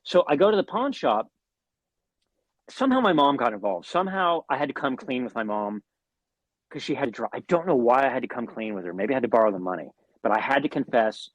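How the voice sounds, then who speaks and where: In a casual interview, a guest musician spins a lengthy, meandering tale, his mid-range voice expressive and fairly quick. Profanity, constant restarts, and lots of fillers run through it, and the recording is rough with no room sound.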